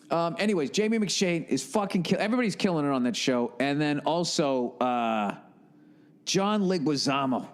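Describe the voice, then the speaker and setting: A man rambles through a casual podcast monologue in a slightly high voice. He talks bluntly and animatedly, swearing freely as he goes. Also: expressive, moderate pace. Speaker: podcast host.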